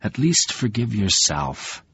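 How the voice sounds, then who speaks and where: A man voicing an anguished man who pleads in low, halting words. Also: very animated, fairly bright tone, slightly rough, exaggerated voice. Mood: pleading. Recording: dull, lo-fi sound.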